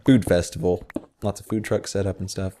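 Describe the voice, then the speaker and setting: A man's voice: low-pitched, steady tone, a little fast, warm tone, slight background noise. A man hosting a Minecraft video, telling a rambling story in casual chat while he plays, full of fillers and self-deprecating asides.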